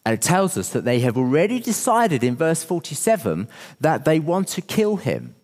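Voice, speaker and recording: A man preaching a sermon as pastor, animated, asking the congregation rhetorical questions and acting out little scenes. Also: a little high, normal speed, long reverb tail.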